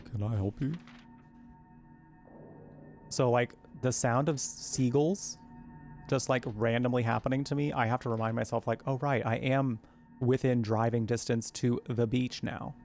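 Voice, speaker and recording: Gravelly-voiced chatty man gaming. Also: mid-range voice, fairly even intonation, unhurried, long pauses, a little mellow, faint music behind. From Arizona. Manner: rambling, chatty, coos at his cat. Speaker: gaming streamer. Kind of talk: casual chat while playing a game.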